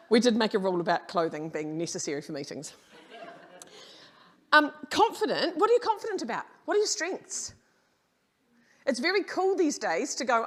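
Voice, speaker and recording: A middle-aged woman, giving a conference presentation in an animated, frank storytelling manner with quoted dialogue. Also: a little high. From New Zealand. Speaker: keynote speaker.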